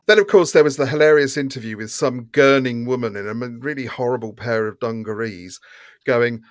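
A man's voice: mid-range voice, fairly quick, no room sound, studio quality. A man co-hosting a podcast, telling wry anecdotes and laughing heartily at them. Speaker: podcast co-host. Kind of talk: casual podcast chat.

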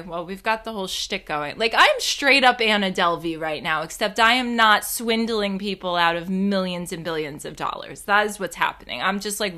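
A young woman with a bright, forceful voice tells a story in a casual monologue. She is animated and self-mocking and swears freely, and her tone stays sharp throughout. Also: on the low side.

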